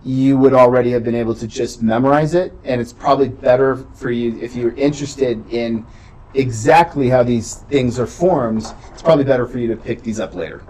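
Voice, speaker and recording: Mellow-voiced man teaching a class. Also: medium pitch, a little fast, rough recording. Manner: explanatory, frequent "right?" checks. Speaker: Greek instructor. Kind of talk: classroom lecture.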